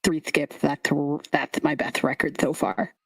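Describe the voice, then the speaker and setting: A woman's voice: low voice, fairly even intonation, unhurried, slightly rough, no room sound, heavily acted. A woman voicing a small, chatty male scarecrow creature with crab claws who talks with a lisp and brags like a child. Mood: cheerful bragging. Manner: childlike, bragging, bluntly rude. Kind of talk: tabletop game voice acting.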